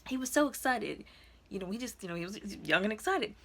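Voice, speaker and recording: A woman's voice: mid-range voice, sing-song, fast talker, fairly bright tone. A woman casually reviewing episodes on her channel, rambling and chatty with lots of fillers as she retells the story. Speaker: video reviewer.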